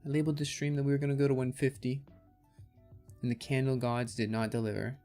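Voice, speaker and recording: A man's voice: mid-range voice, flat delivery, quick pace, warm tone, faint music behind. A man hosting a casual crypto livestream, chatting and reading out viewer comments and answering them. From Canada.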